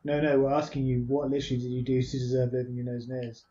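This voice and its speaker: A man's voice: mid-range voice, level tone, quick pace, mellow, muffled recording, a little hiss or hum. A man hosting a game let's play, reading dialogue choices and commenting in a matter-of-fact way.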